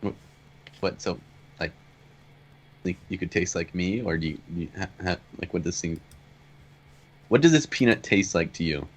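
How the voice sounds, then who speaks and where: A man's voice: sits low, normal speed, long pauses. A man at a tabletop game asking a rambling question full of fillers. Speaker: player.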